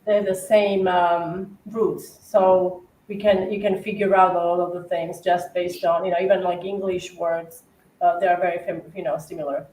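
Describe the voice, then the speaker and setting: A woman's voice: on the low side, fairly even intonation, moderate pace, dark tone. A woman from Slovakia with a Slovak accent, chatting casually on a cookie decorating livestream, laughing often. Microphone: far from the mic. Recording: roomy echo, distant mic, faint hiss.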